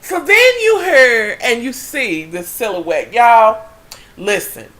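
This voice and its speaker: A woman's voice: a little high, wildly swooping pitch, slow, a bit bright. Chatty woman vlogger, y'all-heavy. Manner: chatty, addresses viewers as y'all, trails off and restarts. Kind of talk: casual chat to camera.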